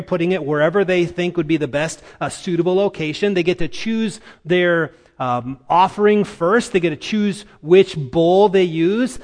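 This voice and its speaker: Male preacher, high voice, dramatic storyteller with pauses, recorded in a reverberant hall. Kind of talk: sermon.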